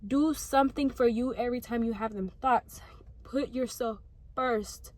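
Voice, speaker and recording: A woman's voice: a little high, unhurried, a little mellow. An eighteen-year-old woman giving an earnest, emotional pep talk to camera from her parked car, swearing freely as she talks. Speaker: vlogger.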